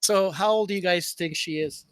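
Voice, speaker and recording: A man's voice: high-pitched, moderate pace, crowd noise. A man hosting a live stream, chatting through a video with laughing, casual commentary. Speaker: stream host.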